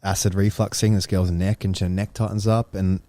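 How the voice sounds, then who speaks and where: Aussie podcast co-host, mellow, relaxed storyteller, casual and sweary. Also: male voice, low voice, no room sound, studio quality. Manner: storytelling, swears freely, quick asides. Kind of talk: casual chat.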